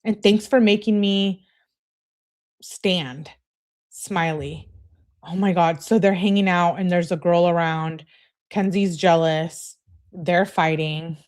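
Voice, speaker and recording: A young woman with a fairly low voice reads text messages aloud for a live audience. She stays casual and chatty, stopping to add blunt remarks of her own. She lifts her voice a little when quoting. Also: fairly even intonation, takes it slowly, pauses often, darkish tone. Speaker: online true-crime host.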